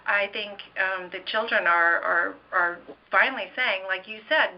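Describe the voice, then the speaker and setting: A woman speaking as an interview guest in casual chat, telling family anecdotes in an animated way. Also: medium pitch, a little slow. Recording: dull lo-fi audio.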